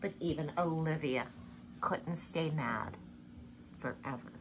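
A woman reading a picture book aloud to children, expressive and asking her listeners questions. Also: sits low, slow pace, noisy background. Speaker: storybook reader.

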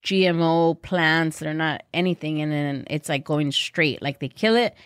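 Woman, very low pitch, dry close sound, filler-heavy explaining. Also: unhurried, smooth, dry recording. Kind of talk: casual comedy chat.

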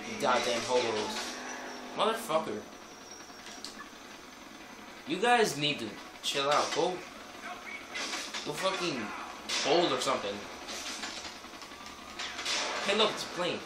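A man's voice: medium pitch, very animated, a little slow, long pauses, noisy background. A young man giving casual, profane gameplay commentary, swearing and rambling as he plays. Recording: echoey room with game music behind.

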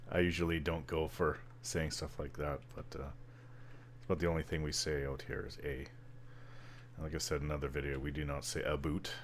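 A man's voice: a bass voice, flat delivery, normal speed, long pauses, a little hiss or hum. A Canadian man from British Columbia casually narrating his online game session, rambling and joking at himself as he stumbles over words. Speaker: gamer. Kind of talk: casual gameplay commentary.

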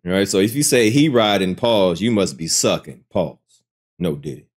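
A man's voice: low voice, sing-song, moderate pace, slightly rough. A man hosting a casual reaction commentary, incredulous and laughing, and asking over and over why. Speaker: reaction channel host.

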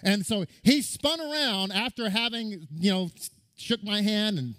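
Man preaching an animated story-sermon. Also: high-pitched, unhurried. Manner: animated storytelling with restarts and acted quotes. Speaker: rabbi.

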